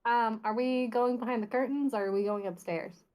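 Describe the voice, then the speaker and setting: A woman playing in a tabletop game over a stream, teasing the others and quick to laugh. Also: on the high side, steady tone, a little mellow, rough recording. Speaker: player.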